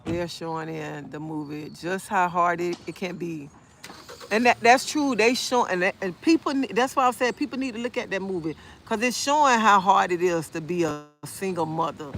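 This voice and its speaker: A woman, chatting on a phone live stream outdoors in a park. She talks in an outspoken, animated way and answers viewer comments as she goes. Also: lowish voice, moderate pace, a little hiss or hum. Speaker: livestreamer. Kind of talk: casual live-stream chat.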